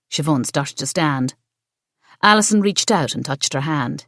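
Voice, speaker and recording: A woman reads a cozy mystery audiobook in an even, storytelling way. Her voice is on the low side, and the recording is dry and close. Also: moderate pace, dry recording. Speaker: audiobook narrator. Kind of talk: scripted narration.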